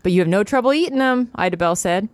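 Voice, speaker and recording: Lively woman reading aloud on a podcast. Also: fast talker, no room sound. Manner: lively, reads dialogue with raised pitch and laughs. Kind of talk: casual chat and reading a novel aloud.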